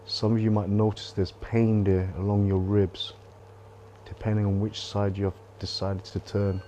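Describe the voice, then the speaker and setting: Calm low-voiced man coaching a qigong class. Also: normal speed, dull audio, slight background noise. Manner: calm, coaching with gentle repetition. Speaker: qigong instructor. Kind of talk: guided movement and breathing class. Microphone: close clip-on mic while moving.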